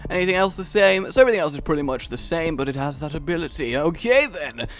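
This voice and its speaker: A man hosting a gaming channel, giving excitable, rambling gameplay commentary full of giggles. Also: fairly high pitch, fast, faint music behind.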